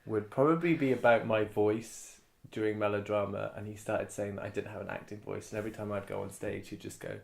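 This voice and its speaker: A young man chatting in an interview about acting, animated and often laughing as he tells stories. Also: lowish voice, a little fast, vocal fry, hardly any pauses. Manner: animated, laughs often, does impressions of others. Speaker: actor and interviewee. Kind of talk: casual interview chat.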